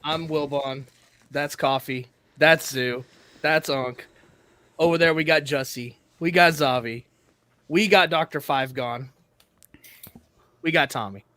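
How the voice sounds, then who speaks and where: A man's voice: fairly high pitch, slow, pauses often, no room sound. A man hosting a casual live stream, rattling off introductions in a loose way. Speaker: show creator and host. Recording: loud background noise.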